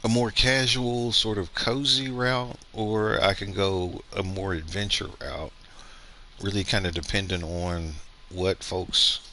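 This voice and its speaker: A man chatting loosely over a game he is playing, wandering from thought to thought with plenty of ums and restarts. His voice sits low but sounds bright and forward, with a faint hiss behind it. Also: fairly even intonation, slow. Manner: rambling, thinks aloud with fillers and restarts. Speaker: gaming streamer. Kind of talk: casual gameplay commentary.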